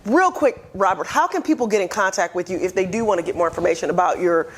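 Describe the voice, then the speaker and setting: A woman's voice: lowish voice, lively intonation, a little hiss or hum. A woman hosting a casual talk show, teasing her guest and chiming in often. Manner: playful, teasing, quick backchannels. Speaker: podcast host.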